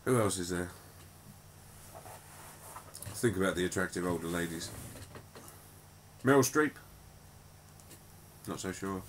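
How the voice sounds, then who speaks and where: A man's voice: sits low, slow, pauses often, a little hiss or hum. A man, co-hosting a podcast in rambling, jokey casual banter. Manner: rambling, jokey, puts on silly voices. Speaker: podcast co-host.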